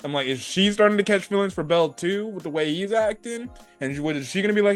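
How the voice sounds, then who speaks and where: A young man giving a casual, excitable anime review, laughing and using slang as he retells scenes. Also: sits high, quick pace, soft background music.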